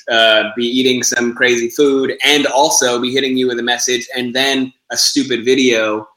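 A man's voice: mid-range voice, bright, forceful tone, roomy sound, poor audio. A man speaking as an interview guest, earnest and reflective, often repeating words as he works out his thoughts. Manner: earnest, repeats words while searching for ideas. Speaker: interview guest, project co-founder. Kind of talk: reflective conversational interview talk.

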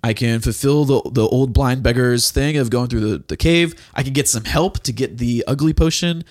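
A man's voice: medium pitch, normal speed, darkish tone. A man narrating his turn in a storytelling card game, rambling and building suspense. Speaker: podcast co-host.

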